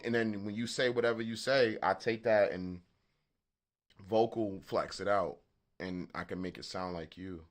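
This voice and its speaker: A man with a Southern accent hosting a beat-making livestream, chatting casually in a halting, rambling way and swearing freely. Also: on the low side, fairly even intonation. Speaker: beatmaker livestream host. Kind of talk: casual live-stream chat.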